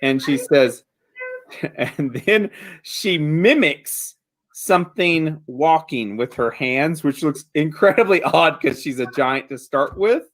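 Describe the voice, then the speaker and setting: A man narrating a tabletop game as game master, relaxed, with many fillers. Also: fairly high pitch, slow.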